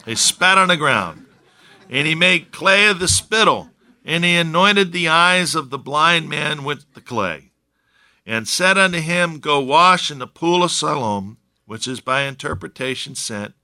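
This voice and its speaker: Guy preaching, chatty and jokey, super bright voice that swings up and down a lot. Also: a little high, expressive, a little slow. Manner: conversational, joking asides. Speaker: pastor. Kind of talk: sermon.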